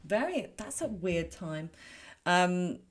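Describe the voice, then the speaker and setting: A woman's voice: lowish voice, sing-song, slow pace. A woman giving a casual pick-a-card tarot reading in a chatty, rambling way, with frequent fillers and self-corrections. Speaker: tarot reader.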